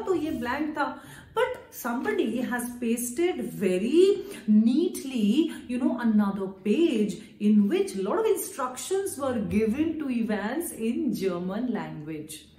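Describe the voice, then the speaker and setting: A woman's voice: on the high side, darkish tone. A woman with an Indian English accent explaining a story to students as their English teacher, often slipping into Hindi and checking in with "okay". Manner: explanatory, mixing Hindi into English, frequent "okay" and "you know". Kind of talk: classroom lesson explanation. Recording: echoey room.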